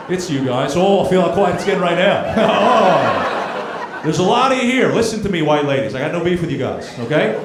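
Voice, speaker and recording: A man performing a brash stand-up comedy set with confrontational crowd work on a comedy club stage. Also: fairly high pitch. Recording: echoey club with crowd noise.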